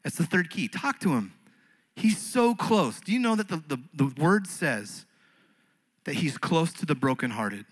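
High-voiced fervent male pastor preaching. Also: very animated, a little slow, husky, rough recording. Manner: earnest, swings between fervent rises and quiet intimate passages. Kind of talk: sermon. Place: church stage.

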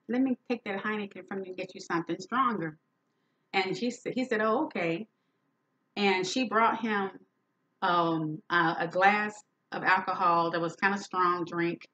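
A woman's voice: on the low side, a bit bright. A woman hosting a talk show, telling a story in an emphatic, indignant way and acting out the quoted dialogue. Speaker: podcast host. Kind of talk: storytelling monologue. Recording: dull lo-fi sound.

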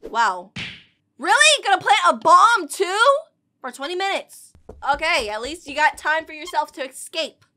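A woman giving excitable, chatty reaction commentary while watching an animation. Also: extremely high pitch, measured pace. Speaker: reaction video host.

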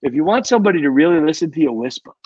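A man's voice: a little high, animated, rapid-fire, highs cut off, background noise. A man, a retired fire captain, telling rambling stories in a casual chat and repeating his words as he goes. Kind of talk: casual storytelling.

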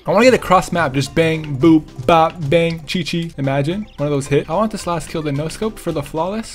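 A man giving casual gameplay commentary while sniping, excitable and quick to laugh and shout at big plays. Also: a little high, faint music behind. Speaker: gaming YouTuber.

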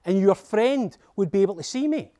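A man's voice: high-pitched, animated, a little fast, warm tone, pitched above the performer's own voice. A man doing a wistful, musing Scottish sun. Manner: friendly and musing. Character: wistful old sun who misses the moon.

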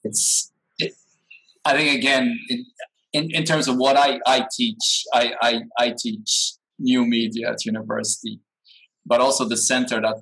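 A man's voice: medium pitch, flat delivery, unhurried, vocal fry, a bit bright, slightly rough, rough recording. A man who teaches new media, speaking hesitantly, repeating words as he thinks aloud. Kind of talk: conversational discussion.

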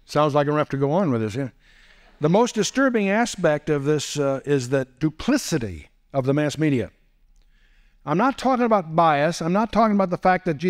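Man lecturing with rhetorical questions. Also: fairly high pitch. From United States. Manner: rhetorical questions, wry asides. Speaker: Bible teacher. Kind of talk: teaching lecture to an audience.

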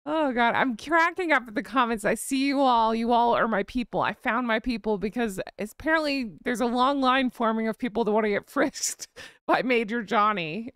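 A woman's voice: on the high side, fairly bright tone, clean tone, no echo, clean studio sound. Chatty Southern woman hosting a live chat. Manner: chatty, gossipy, giggly. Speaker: host. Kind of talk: casual live-stream chat.

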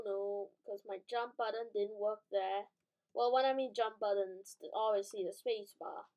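Rambling young-sounding woman gamer, fairly high. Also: a little mellow, low-quality recording. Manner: rambling, self-correcting, thinking aloud; startled outbursts. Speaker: gaming channel host. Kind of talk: casual gameplay commentary.

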